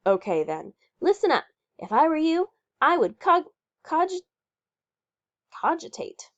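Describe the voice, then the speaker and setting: A woman's voice: high-pitched, very animated, slow pace, voice pushed up, heavily acted. A woman reading aloud and voicing a bossy, folksy woman who lectures and talks in country phrasing. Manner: fussy, lecturing, country-talking. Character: bossy folksy middle-aged woman horse owner. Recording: muffled lo-fi recording.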